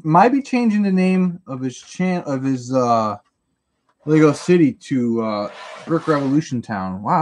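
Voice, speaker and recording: A man's voice: medium pitch, lively intonation, a little slow, a little mellow. A man hosting a live stream, chatting casually and rambling through answers to chat messages while he builds at home. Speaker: livestream host. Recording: noisy home stream audio.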